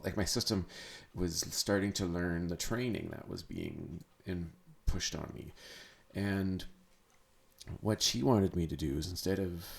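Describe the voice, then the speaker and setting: A man hosting a podcast, talking through a personal story in a halting, searching way with many restarts. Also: deep voice, vocal fry. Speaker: podcast host. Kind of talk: personal monologue.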